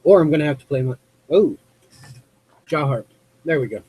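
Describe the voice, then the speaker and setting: A man from the US West Coast hosts a live call-in show, speaking off the cuff to chat viewers in an unscripted monologue that rambles and halts as he searches for words. His voice is a little high, animated and mellow with a breathy edge, and the audio is poor.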